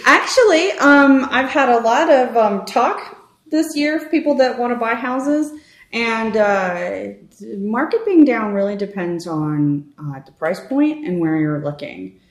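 A woman's voice: on the high side, unhurried. Chatty woman realtor in a roomy space. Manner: chatty, animated storytelling with fillers. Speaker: realtor guest. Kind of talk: conversational interview. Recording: roomy echo.

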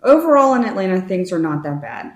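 Thirties woman, realtor guest, lowish voice, talkative, echoey room. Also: quick pace. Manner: chatty, animated storytelling with fillers. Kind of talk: conversational interview. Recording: roomy echo.

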